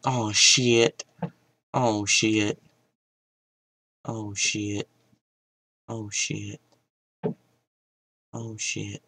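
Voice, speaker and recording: A young man giving casual gameplay commentary, mostly mumbling to himself with sudden loud outbursts. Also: on the low side, little pitch movement, drawn-out words, long pauses, breathy edge, no echo, low-quality recording. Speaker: gaming YouTuber.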